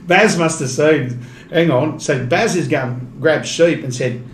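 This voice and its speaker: A man's voice: on the high side, slow. Australian man, chatty storyteller, frequent laughter, echoey room, faint background noise. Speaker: podcast guest, rugby league commentator. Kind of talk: casual storytelling.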